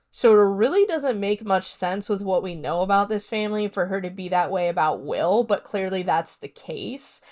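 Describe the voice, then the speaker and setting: A woman hosting a casual solo podcast, chatting through a horror film review in a rambling way with lots of fillers. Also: mid-range voice. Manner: retells scenes by acting out quotes.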